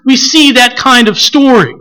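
A preacher delivering a sermon with a lively, swooping delivery and a bright, forceful tone. The preacher often acts out scripture quotes and turns to ask the listeners questions. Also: medium pitch, normal speed, low-quality recording.

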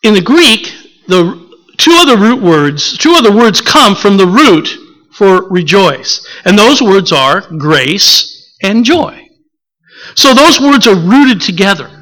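An older man preaching a sermon, telling the story with animated acted-out quotes before teaching on the text. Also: high-pitched, slow, poor audio. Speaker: pastor.

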